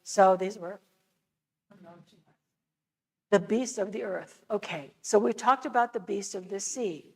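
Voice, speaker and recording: A woman's voice: medium pitch, normal speed, creaky, slightly rough, low-quality recording. An American woman giving a conversational church lecture on scripture, explaining with casual asides. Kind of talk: church adult-education lecture.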